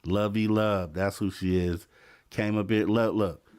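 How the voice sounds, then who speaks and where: A man's voice: on the low side, fairly even intonation, a little slow, noisy background. A man hosting a late-night call-in talk show in a laid-back way, often repeating himself. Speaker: host.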